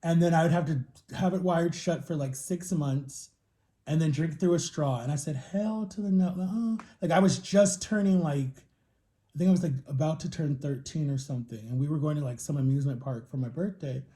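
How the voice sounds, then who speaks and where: A man's voice: a little high, fairly quick, dark tone. A man in his thirties chatting casually to the camera while he eats, telling long rambling stories about his own life. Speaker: vlogger.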